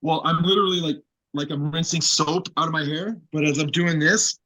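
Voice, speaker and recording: A man telling a personal story on a podcast, animated and swearing often, acting out what people said. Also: on the high side, a little fast, dry recording. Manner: animated, swears a lot, acts out quotes loudly. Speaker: podcast guest. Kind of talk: casual storytelling. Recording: dry, dull lo-fi podcast audio.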